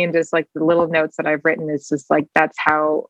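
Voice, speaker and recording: A young woman with a low, monotone voice talks a little fast about her faith as a guest on a casual video call, with earnest warmth and emotion close to the surface. She rambles and circles back, using many fillers. The recording is dry and low-quality, with no room sound.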